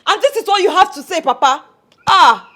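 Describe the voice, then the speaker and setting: A woman's voice: very high-pitched, very animated, normal speed, fairly bright tone, full character voice. An actress with a Nigerian accent playing a young woman who pleads emotionally and insists on being heard. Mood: indignant. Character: distraught young woman, grieving fiancé's loss. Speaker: daughter.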